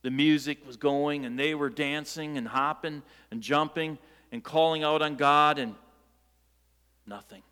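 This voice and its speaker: Bright-voiced preacher in a reverberant hall. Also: male voice, fairly high pitch, measured pace, smooth. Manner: lively storytelling with rhetorical questions and jokes. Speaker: pastor. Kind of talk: sermon.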